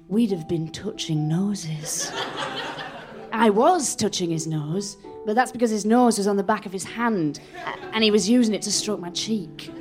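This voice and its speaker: A woman narrating an absurd comic story on a live stage, in a deadpan manner. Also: mid-range voice. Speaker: comedian narrator.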